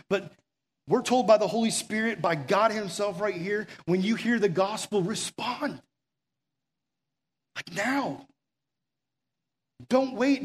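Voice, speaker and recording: A young adult pastor preaches with earnest urgency, telling stories conversationally with filler words and sinking into quiet, intimate stretches. His voice sits high.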